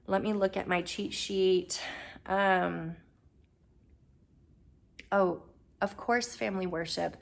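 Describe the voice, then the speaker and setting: Slightly hoarse, gravelly-voiced chatty woman. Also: mid-range voice. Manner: chatty and upbeat, with frequent ums. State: slightly hoarse, losing her voice. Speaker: homeschooling mother. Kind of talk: casual chat to camera.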